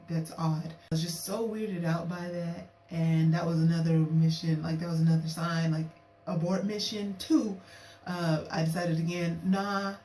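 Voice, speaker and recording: A young woman with a low, mellow voice tells a story to camera in a chatty, animated way, slipping into quoted lines. She sits a little way from the mic in a roomy, echoey space, with faint hiss behind her. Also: recorded from a distance. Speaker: vlogger.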